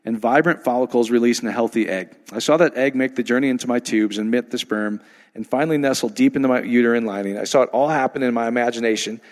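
A man's voice: medium pitch, long reverb tail. A man hosting an online teaching, talking in a folksy, rambling way with frequent restarts. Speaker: preacher and podcast host. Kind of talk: casual spoken teaching.

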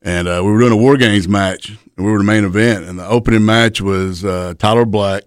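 Middle-aged guy rambling wrestling stories, kinda low voice, cussing a lot, dry close mic. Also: fairly even intonation, fairly quick, smooth, dry recording. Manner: laid-back, profane, rambling anecdotes. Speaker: guest, retired pro wrestler. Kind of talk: casual storytelling.

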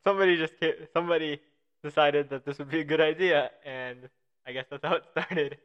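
A man hosting a casual podcast, laid-back and quick to laugh. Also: on the high side, smooth. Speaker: podcast host. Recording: slightly dull lo-fi mic.

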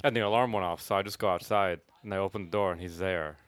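Halting man telling a story. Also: deep voice, fairly even intonation. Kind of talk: casual chat.

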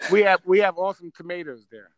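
With a high voice, fairly even intonation, and a fairly quick pace, this middle-aged podcast guest from New Jersey brags and curses through his stories. The social media personality's accent is clear, and the recording has no room sound.

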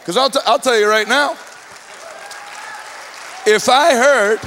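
Male preacher, high-pitched, jokey storyteller who rises to shouting, long reverb. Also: slow, a faint crowd, a little hiss or hum. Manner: humorous storytelling, rising to shouts. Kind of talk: sermon.

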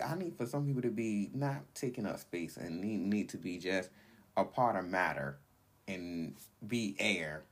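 The solo podcast host has a medium-pitched voice with a breathy edge. Opinionated and indignant, he rambles on in a blunt rant packed with "like."

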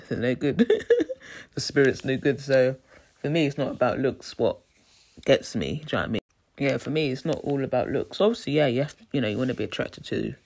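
A woman's voice: very deep voice, gravelly, darkish tone, breathy edge. A woman telling a rambling story in a casual vlog and laughing often. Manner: chatty, rambling, laughs often, says "you know what I mean". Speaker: vlogger.

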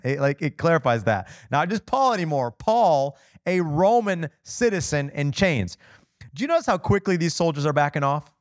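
A male pastor giving a conversational sermon, peppering the congregation with rhetorical questions and expressive asides. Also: medium pitch, no room sound, clean studio sound. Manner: casual and expressive.

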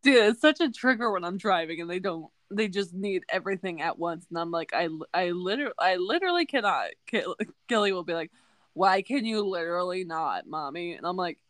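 A woman's voice: on the low side, expressive, a little fast, no echo. A young woman co-hosting a casual chat, frank and swearing casually as she tells stories. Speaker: podcast co-host.

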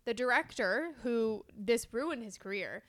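Woman co-host, fairly high voice, sarcastic, casual swearing, dry close mic. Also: lively intonation, unhurried, no room sound. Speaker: podcast co-host. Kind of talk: casual chat.

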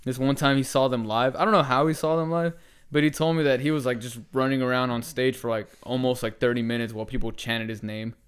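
A man co-hosting a laid-back podcast, rambling through his stories with constant fillers and plenty of swearing. His voice comes across smooth and clear at an ordinary middle pitch. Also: fairly even intonation, quick pace. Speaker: podcast co-host. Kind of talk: casual chat.

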